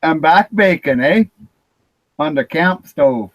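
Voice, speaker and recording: A man's voice: on the high side, lively intonation, slow pace, rough recording. A Canadian man chatting casually over voice chat, joking and laughing often. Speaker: chat participant.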